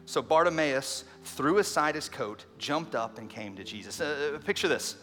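A man preaching an Easter sermon as a pastor, energetic and conversational, with quick asides and acted-out quotes. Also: a little high. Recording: long reverb in a large hall with faint music.

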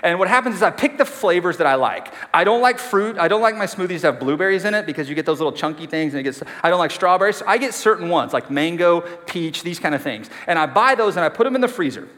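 A man's voice: high-pitched, expressive, fast, few pauses, fairly bright tone. A man preaching a casual, self-deprecating sermon, asking the congregation questions. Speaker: pastor. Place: church sanctuary. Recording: long hall reverb.

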